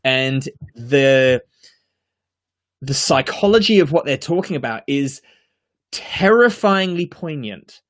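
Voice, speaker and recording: A man's voice: medium pitch, expressive, slow pace, pauses often. A man co-hosting a podcast, reviewing a TV series in casual chat, earnest and emphatic, with frequent fillers and restarts.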